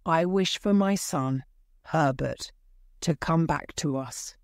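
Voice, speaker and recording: A woman's voice: on the low side, big pitch swings, takes it slowly, no room sound, studio quality. Woman voicing a frightened old husband. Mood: anguished. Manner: pleading, anguished.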